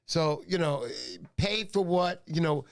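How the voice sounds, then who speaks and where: A man's voice: a little high, slow pace. A man hosting a casual fishing livestream, chatting with a guest and telling rambling stories full of quoted voices. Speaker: livestream host. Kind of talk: casual chat.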